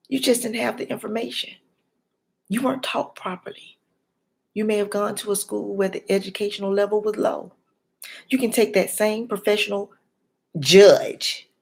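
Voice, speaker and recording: A woman, a life and health coach, giving a motivational talk straight to the viewer in a preacher-like way, dropping to whispers and rising to loud emphasis. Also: mid-range voice, vocal fry. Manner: addresses the viewer directly.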